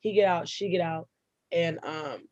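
A young woman, a podcast co-host, telling a personal story in casual, profane chat and breaking into loud, laughing outbursts. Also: lowish voice, unhurried, lo-fi sound, a little hiss or hum.

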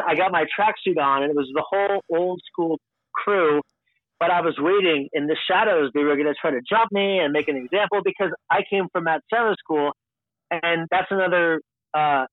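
Guy from long island rambling thru a story, kinda high voice, sounds like a phone line, dry. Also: no room sound. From Long Island, New York. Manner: candid, rambling. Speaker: podcast guest. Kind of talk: casual storytelling.

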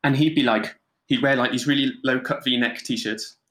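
This photographer, a podcast guest, speaks in a mid-range voice at a normal pace as he casually swaps anecdotes. His delivery is lively, packed with fillers and mimicked voices, and the room gives off a noticeable echo.

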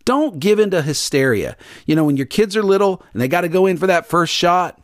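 A middle-aged man preaches a devotional podcast sermon, his voice slightly high for a man. He talks earnestly, repeats his key lines, and slips into panicked voices to make a point. The sound is dry and close, with no room echo. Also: animated, a little fast. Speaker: pastor podcast host.

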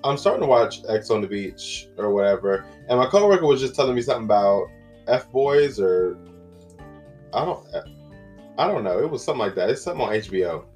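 A man's voice: mid-range voice, expressive, fairly quick, a little mellow, soft background music. A man hosting a casual solo podcast, rambling and chatty with lots of fillers and exclamations. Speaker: podcast host.

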